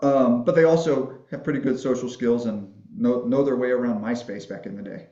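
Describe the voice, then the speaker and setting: A man's voice: mid-range voice, steady tone, brisk, warm tone, muffled recording. Folksy storytelling man, roomy sound. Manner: folksy, rambling storyteller who laughs at his own jokes. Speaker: podcast guest, family history filmmaker. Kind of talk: casual interview conversation.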